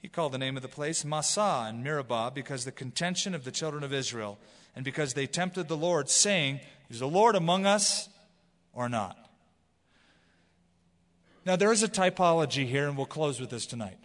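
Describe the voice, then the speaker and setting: A man's voice: fairly high pitch, moderate pace. Bible-teaching male pastor in a reverberant hall. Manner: expressive Bible teaching, reading scripture aloud. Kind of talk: sermon.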